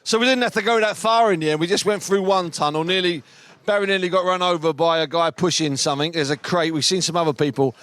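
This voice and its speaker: Hombre animado presentando boxeo. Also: male voice, sits high, fast talker, fairly bright tone, no room sound. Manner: chatty, rambling and emphatic. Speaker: boxing podcast host. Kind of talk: lively ringside radio chat.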